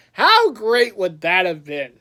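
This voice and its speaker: A man's voice: high-pitched, wildly swooping pitch, drawn-out words, sharp tone, slight background noise. A man chatting casually in a vlog, telling a rambling story with frequent laughs and restarts. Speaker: collector vlogger.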